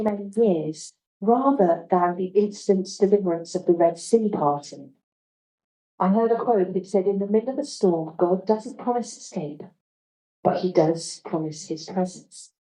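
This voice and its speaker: A woman preaching a sermon, earnest and reflective, who drops low and soft when she quotes the words of Jesus. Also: normal speed, reverberant, rough recording. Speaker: guest preacher. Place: church.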